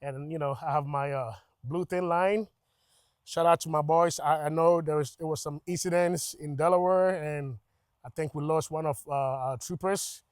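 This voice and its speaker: Guy not in rambling about his truck mods outside, slightly high voice, dry sound. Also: normal speed, no room sound. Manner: rambling, repeats words and restarts, excited about mods. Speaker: truck vlogger. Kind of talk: casual walkaround commentary. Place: outdoors beside a pickup truck.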